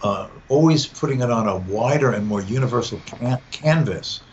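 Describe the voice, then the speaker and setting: A man's voice: medium pitch, animated, moderate pace. A man talking through ideas in a podcast conversation, often repeating words as he gathers his thoughts. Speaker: podcast guest. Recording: dull lo-fi sound with faint background noise.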